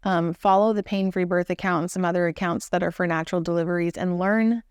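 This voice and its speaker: A woman's voice: on the low side, steady tone, fast talker, clear, resonant tone, dry recording, studio quality. A young woman with a Texan accent telling her own story in a casual, earnest, chatty way with fillers. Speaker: new mother telling her birth story.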